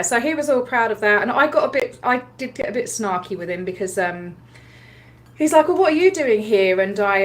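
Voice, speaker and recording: A woman casually telling a story on a livestream, animated, laughing often, with many ums and likes as she acts out what others said. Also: mid-range voice. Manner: acts out other people's lines while retelling. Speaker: livestream host recounting a protest.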